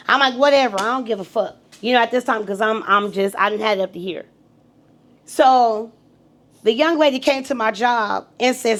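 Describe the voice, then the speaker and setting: Woman, middle-aged, high voice, animated, swearing storyteller, casual podcast guest. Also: moderate pace. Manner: animated, profane, acts out voices in her story.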